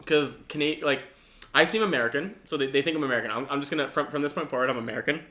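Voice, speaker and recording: A man's voice: fairly high pitch, very fast, bright, forceful tone. A man hosting a podcast, talking in a rambling way with many restarts and casual swearing. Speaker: podcast host. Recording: echoey room with faint noise.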